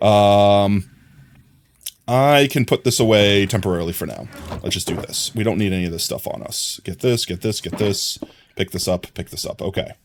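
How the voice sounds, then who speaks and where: During a live stream of a building game, a man chats casually with viewers about his plans, laughing often and trailing off quietly as he works. His voice is fairly low at a normal speed, with slight background noise.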